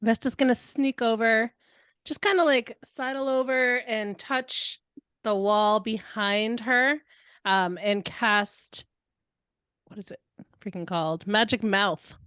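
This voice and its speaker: A woman's voice: on the high side, steady tone, slow pace, a bit bright, clear, resonant tone, no room sound, studio quality. A woman playing a tabletop game, casual and playful, often laughing. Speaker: player. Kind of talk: casual play.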